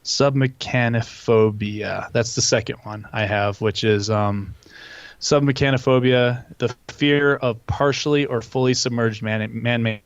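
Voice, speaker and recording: A young man co-hosting a casual podcast, telling animated stories and swearing often. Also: medium pitch, measured pace, clean tone, dry recording, dull audio. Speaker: podcast co-host. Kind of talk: casual chat.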